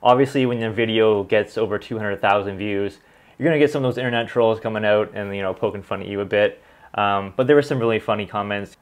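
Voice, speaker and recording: A man's voice: lowish voice, a little fast, smooth. A man hosting a whiskey channel, chatting casually through viewer comments with plenty of ums and an easy, good-humored manner. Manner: relaxed, filler-heavy, good-humored. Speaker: whiskey reviewer and channel host. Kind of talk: casual vlog chat reading viewer comments.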